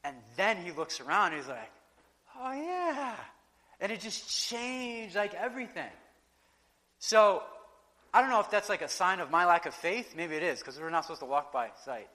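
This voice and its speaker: A man preaching in a church sanctuary, with a fairly high and bright voice. He talks in a loose, conversational way and acts out the quoted lines. The long reverb of a big hall trails after his words. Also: a little fast. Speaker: pastor. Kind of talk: sermon.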